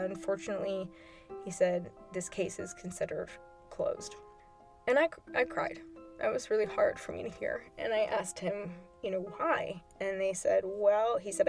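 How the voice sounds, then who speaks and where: Woman podcast host, emotional personal storytelling, lower voice, faint music behind. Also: darkish tone. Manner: emotional, retelling phone calls with quoted dialogue.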